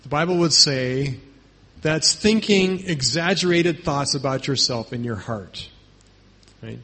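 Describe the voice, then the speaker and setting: A man's voice: on the high side, expressive, a little slow, sharp tone. A man preaching a sermon in a conversational way, often checking in with "right?" and acting out quotes with emphasis. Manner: emphatic, acts out quotes in raised voice. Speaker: pastor.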